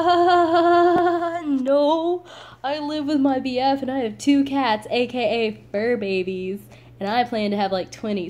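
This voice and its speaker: A late-teen woman with a medium-pitched voice tells a story in a casual vlog, chatty and animated, packed with "like" and laughter.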